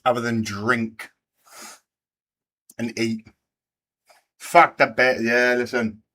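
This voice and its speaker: A man's voice: medium pitch, little pitch movement, slow, pushed and bright. Brief: English male stream host, crude chatty banter with viewers, mid-range voice. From England. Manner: swearing, bantering with chat. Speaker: livestream host. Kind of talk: live race watch-party chat.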